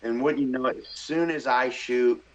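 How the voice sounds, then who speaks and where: Here a middle-aged podcast guest relates a story in easygoing conversation, excitedly acting out his own internal voice. He has a medium pitch and moderate pace, captured on a rough recording.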